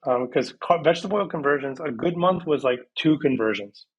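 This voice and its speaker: A man in his thirties, a podcast guest on a video call, telling his story in a lively, casual way and acting out past conversations. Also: fairly high pitch, a little fast, breathy edge, highs cut off.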